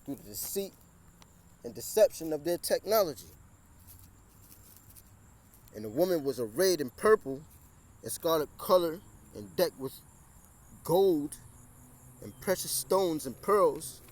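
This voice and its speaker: Standing beside a busy street with cars going by, this man reads scripture and preaches at a measured pace. His voice is on the high side and animated, and he often stumbles into restarts, repeats himself, and pushes his voice louder to beat the traffic.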